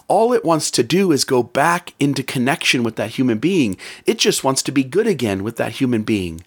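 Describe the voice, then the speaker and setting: Guy giving an earnest motivational talk, voice swings up and down a lot, repeats himself to hammer it in. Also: medium pitch. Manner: earnest, repeats phrases for emphasis.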